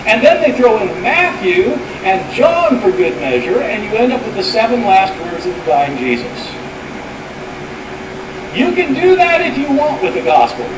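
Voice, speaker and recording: A man's voice: high voice, very animated, moderate pace. A man delivering a formal debate speech in an emphatic, lecturing manner. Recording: distant, echoey, noisy archive clip.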